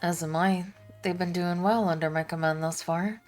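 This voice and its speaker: A woman voicing a calm, kindly older male ship captain who speaks in a measured, gentle way. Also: fairly low pitch, soft background music, natural voice.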